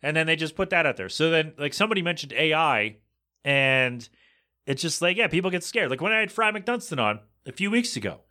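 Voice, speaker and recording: A podcast host in his thirties chatting casually, reading listener answers and mocking them in an exasperated, animated way. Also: on the high side, fairly quick. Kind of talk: casual chat.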